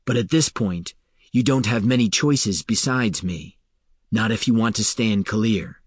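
A man's voice: lowish voice, moderate pace, slightly rough, dry recording, studio quality. A man voicing a blunt, hard male leader who speaks in cutting terms in an audiobook.

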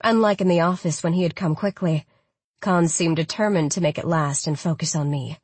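A woman reading a first-person audiobook in a smooth, even way with breathy, intimate touches. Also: sits low, a little fast, no room sound. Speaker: audiobook narrator.

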